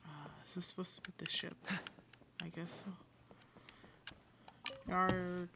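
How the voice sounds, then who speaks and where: A woman giving casual, animated commentary while playing a video game, reading dialogue aloud and swearing now and then. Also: on the low side, fairly quick, vocal fry, background noise. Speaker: game streamer. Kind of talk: casual let's-play commentary.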